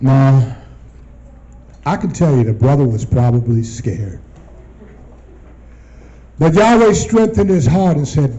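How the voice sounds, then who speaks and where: A man teaching from scripture to a group, often pausing to ask them questions and repeating phrases for them to answer. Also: mid-range voice, expressive, mellow, highs cut off. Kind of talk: call-and-response Bible teaching.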